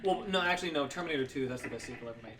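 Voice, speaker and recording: A man co-hosting a horror game playthrough, talking casually, animated and profane. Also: mid-range voice, rapid-fire. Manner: animated, profane, laughs a lot. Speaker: co-host playing a horror game. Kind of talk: casual let's-play chat.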